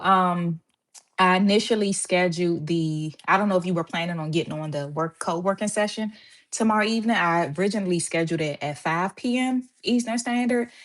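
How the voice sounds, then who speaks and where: A woman from Washington, D.C. hosting a casual live stream, greeting viewers by name and a little out of breath after running downstairs. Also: on the low side. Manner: chatty, greets viewers by name, says y'all. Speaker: host of a live stream for medical assistants. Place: home.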